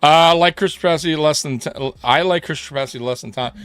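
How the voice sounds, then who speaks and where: A man's voice: fairly high pitch, moderate pace, fairly bright tone, clear, resonant tone, faint music behind. A man hosting a sports livestream in a casual chat, laughing often and swearing in slang. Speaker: livestream sports show host.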